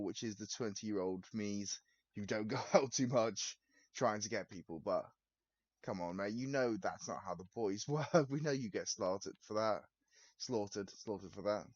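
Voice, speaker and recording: Casually reacting to a video, a man in his twenties swears and laughs often while offering blunt, sarcastic takes. His medium-pitched voice comes through lo-fi audio with no echo.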